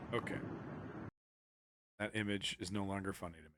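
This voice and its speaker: A man's voice: low voice, fairly even intonation, brisk, very noisy. Sarcastic man streaming news commentary. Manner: sarcastic, rambling, laughs at clips. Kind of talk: casual live-stream commentary.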